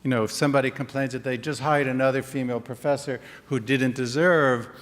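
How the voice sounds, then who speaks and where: Guy talking at a conference, chatty, plays out little dialogues, middle pitch, big hall echo. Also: steady tone, a little fast, a bit bright. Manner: conversational, acts out example dialogues. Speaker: conference speaker. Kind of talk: conference presentation. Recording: long reverb of a hall.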